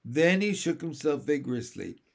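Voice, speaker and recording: A man reading a children's story aloud in a gentle, measured narration. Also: a little high, very animated, creaky. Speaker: reader.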